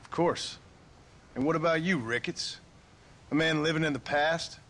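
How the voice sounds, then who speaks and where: An actor voicing a gruff, guarded male cowboy outlaw in a western video game, talking curtly and plainly. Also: on the high side, moderate pace, a bit bright, lightly acted. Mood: terse. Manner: curt, plain-spoken. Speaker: game character.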